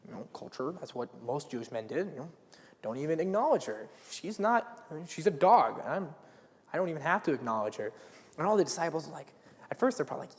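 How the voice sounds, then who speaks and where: A teenage boy preaching at a school week of prayer, talking earnestly and casually with plenty of restarts. His pitch moves a lot, rising and falling with the story, and a long reverb trails off the hall walls. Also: sing-song, quick pace. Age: late teens. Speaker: student speaker. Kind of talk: youth sermon retelling a Bible story. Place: school chapel or hall, live.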